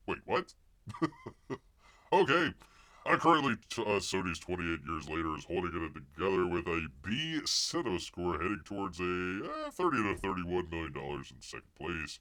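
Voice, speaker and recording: A man's voice: sits low, big pitch swings, moderate pace, bright, forceful tone. A man hosting a casual live stream, rambling and joking as he reacts to the news. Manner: rambling, jokey, wonders aloud and mocks the news. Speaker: live show host.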